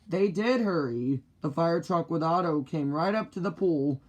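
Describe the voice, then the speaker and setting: A man reading a children's picture book aloud in the first person, slow and deliberate. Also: fairly high pitch, lively intonation, dull audio. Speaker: storybook reader.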